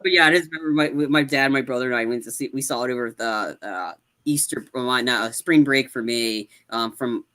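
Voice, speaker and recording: A man in his twenties chatting casually about movies on a podcast, animated and laughing, acting out lines in exaggerated voices. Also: mid-range voice, fairly quick, hardly any pauses. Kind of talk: casual movie review chat.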